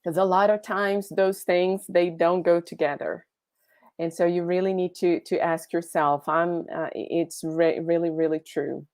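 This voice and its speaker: A woman's voice: fairly low pitch, fairly even intonation, measured pace, darkish tone, no room sound. A woman moderating a round table discussion, hesitant and prone to restarts. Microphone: video call.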